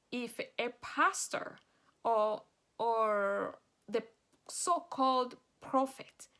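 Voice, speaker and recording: A woman's voice: on the high side, pushed and bright. A woman author giving an earnest, emotional personal testimony and promoting her books.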